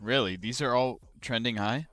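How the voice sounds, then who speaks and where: A young man live-streaming crypto trades, chatting casually to his viewers and ranting about his moves with swearing and sudden loud outbursts. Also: mid-range voice, normal speed, no echo. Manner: frustrated, swearing, rambling, bursts of loud outrage.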